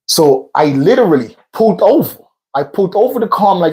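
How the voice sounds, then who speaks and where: A man's voice: high voice, big pitch swings, fairly quick, a little mellow, rough recording. Man rambling through a story mid-workout. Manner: rambling, repetitive retelling with many fillers. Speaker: vlog host. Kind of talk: casual storytelling during a workout. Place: workout session between sets.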